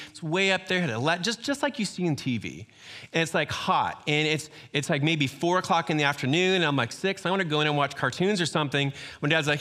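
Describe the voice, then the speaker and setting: Animated preaching man in a hall. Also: a little high, quick pace. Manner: animated, acts out quoted voices, conversational storytelling. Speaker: pastor. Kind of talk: sermon. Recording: hall reverb.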